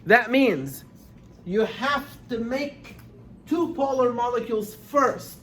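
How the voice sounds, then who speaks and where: A man teaching a chemistry class, lecturing with emphatic, animated repetition of key points. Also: extremely high pitch, slow pace, a little hiss or hum. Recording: echoey classroom from far off.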